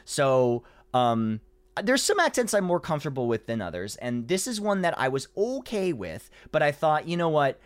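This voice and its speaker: Lively man telling a story. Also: a little high, normal speed, smooth, no echo. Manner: animated storyteller, acts out quotes, frequent "you know" fillers. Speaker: voice actor guest. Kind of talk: casual interview chat.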